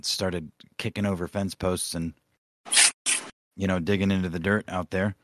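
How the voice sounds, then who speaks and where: A man's voice: low-pitched, little pitch movement, moderate pace, heavy background noise. A man co-hosting a podcast in casual chat, ranting with lots of swearing and rambling asides. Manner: profane, rambling rants. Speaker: podcast co-host.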